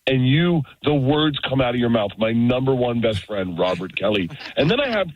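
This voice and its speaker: Male celebrity caller on a muffled line, phoning from a car, rambling and animated. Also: medium pitch, moderate pace, dry recording. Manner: rambling, animated storytelling with acted quotes. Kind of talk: phone-in banter.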